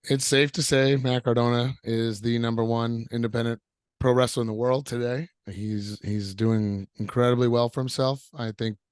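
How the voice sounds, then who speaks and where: A man in his thirties answers questions with easy, upbeat energy, drifting through fillers as he thinks aloud. His voice sits at an ordinary middle pitch. The recording is dry and close, with no room sound. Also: level tone, moderate pace, smooth, dry recording. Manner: upbeat and easygoing, rambling with fillers. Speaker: professional wrestler guest. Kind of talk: casual interview answers.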